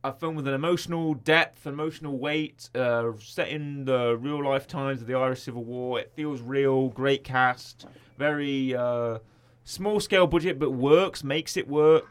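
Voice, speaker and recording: A man's voice: mid-range voice, a little slow, few pauses, clean tone. A man co-hosting a casual film review podcast, playful and teasing, rambling with frequent restarts. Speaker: podcast co-host.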